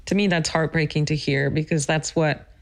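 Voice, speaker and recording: A woman's voice: low-pitched, steady tone, vocal fry. Earnest woman narrating a family story. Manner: earnest, emotional, measured storytelling. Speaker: host and narrator. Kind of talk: narrated personal podcast with interview.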